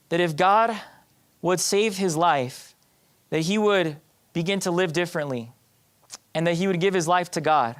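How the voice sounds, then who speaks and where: A man giving a personal testimony in church, talking conversationally with the audience and often restarting his sentences. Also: sits high. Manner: conversational, addresses the audience directly; hesitant restarts with fillers.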